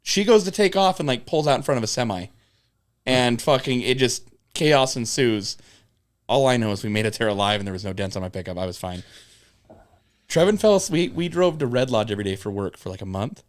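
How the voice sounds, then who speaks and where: A man's voice: medium pitch, fairly quick. A young man on a podcast telling road stories in casual chat, cursing freely and acting out what people said. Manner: animated storyteller, swears freely, acts out quotes. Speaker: podcast co-host.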